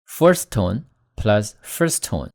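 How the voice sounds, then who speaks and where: A man teaching Chinese pronunciation in a scripted lesson, slowly demonstrating tones with stressed example words. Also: on the low side, sing-song, gravelly, darkish tone. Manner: slow, deliberate, demonstrating tones with stressed syllables.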